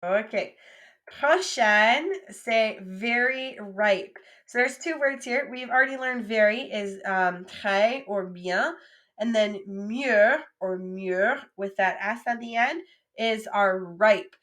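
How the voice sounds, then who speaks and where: A woman teaching French vocabulary patiently, saying words and pausing for the listener to repeat them. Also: medium pitch, a bit bright. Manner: patient, drills words for repetition. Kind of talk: recorded classroom lesson.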